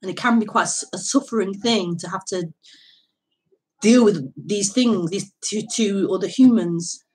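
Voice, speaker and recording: A woman hosting a live spiritual talk, speaking in a relaxed, hesitant way, repeating words and laughing softly between thoughts. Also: mid-range voice, breathy edge, poor audio. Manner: slow, hesitant, halting speech that repeats words. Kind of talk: casual, reflective live talk.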